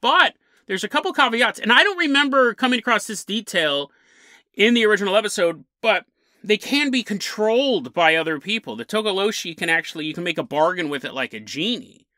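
A man's voice: sits high, expressive, a little fast, pushed and bright, no room sound. A man hosting a paranormal podcast, telling a story with lots of energy and chuckling mid-sentence. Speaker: podcast host.

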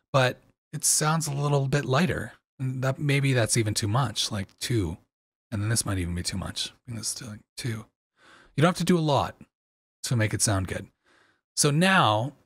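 A man with a slight crunch in his voice, explaining audio software in a casual, loose tutorial with plenty of fillers, into a dynamic microphone. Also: medium pitch, breathy edge, no room sound, clean studio sound.

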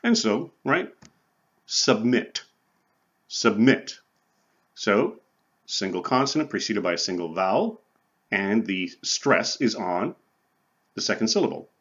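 A male college instructor with a husky, fairly low voice, giving a recorded lecture. His pitch swings widely as he explains, and he keeps checking in with "right?" and "okay?" The audio is dull and muffled. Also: very animated, measured pace, fairly bright tone. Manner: conversational, repeats "right?" and "okay?" often, chuckles. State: sweating from the heat. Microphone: recording for online viewers.

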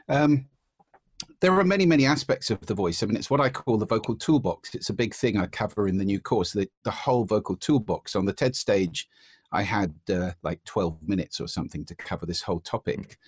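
Lively, husky-voiced man explaining. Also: on the low side, dry recording, clean studio sound. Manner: demonstrates voice techniques, lively explanatory delivery. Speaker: voice expert guest. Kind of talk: interview answers.

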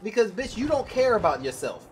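A man's voice: sits high, sing-song, brisk, a little mellow, slight background noise. A young man ranting bluntly and profanely while commenting on his own gameplay. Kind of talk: live gameplay commentary rant.

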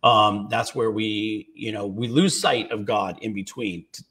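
A man in his late fifties co-hosting a podcast, speaking haltingly with many restarts and close to tears. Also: lowish voice, steady tone, fairly bright tone, far from the mic. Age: 50s. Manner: halting, many restarts, tearing up as he tells a story. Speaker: podcast co-host. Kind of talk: casual podcast chat.

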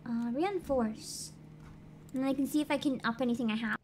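A woman streaming a video game, chatting casually, excitable and giggly, and swearing freely. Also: high-pitched, brisk, slight background noise. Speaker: VTuber streamer. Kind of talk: casual gaming livestream chat.

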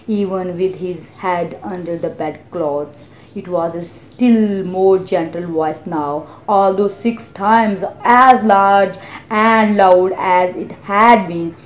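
A woman's voice: fairly low pitch, slow. A woman teacher reading a story aloud for a lesson, carefully stopping to explain hard words. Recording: roomy echo.

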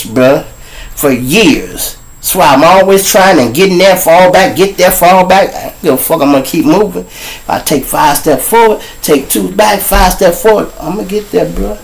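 A man with a Chicago accent hosting his own show. He tells stories in a profane, animated way and talks straight to his viewers. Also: fairly high pitch, rough recording. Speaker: show host. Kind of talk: storytelling monologue.

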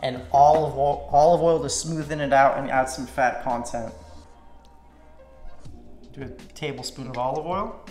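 A man from Slovakia hosting a cooking channel, talking viewers through a recipe step by step in a relaxed, casual way in a home kitchen. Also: medium pitch, normal speed, pauses often. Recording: echoey kitchen with music bed. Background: background music, clinking dishes.

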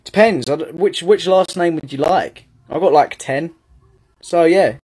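Young British lad streaming live, unhurried, teasing, chatty with fans. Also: male voice, fairly high pitch, darkish tone, breathy edge. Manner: playful, reads out fan gifts and comments, teasing banter. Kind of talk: casual live-stream chat.

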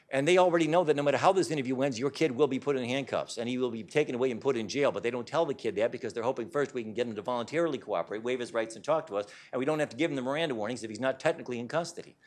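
A man's voice: medium pitch, animated, very fast, hardly any pauses. A man giving a public talk to a live audience in a hall, speaking in an emphatic, insistent way.

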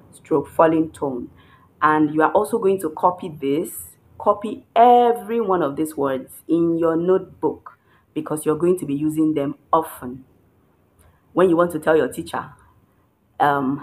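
A woman teaching a beginner language lesson, patiently repeating words slowly to show each tone. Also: deep voice. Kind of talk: instructional lesson.

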